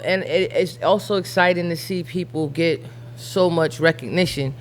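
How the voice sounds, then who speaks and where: A woman's voice: mid-range voice, slight background noise. A woman rapper being interviewed, talking bluntly and jokingly in casual slang.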